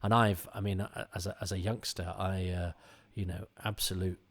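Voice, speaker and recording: A man's voice: deep voice, fairly even intonation, normal speed, gravelly. A man giving casual commentary on an old TV episode, rambling and often restarting his sentences. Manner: rambling and self-interrupting, frequent restarts.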